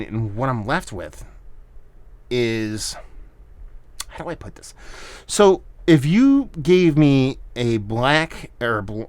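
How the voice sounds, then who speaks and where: A man giving a casual solo beer review, rambling and hedging with plenty of fillers and restarts. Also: medium pitch.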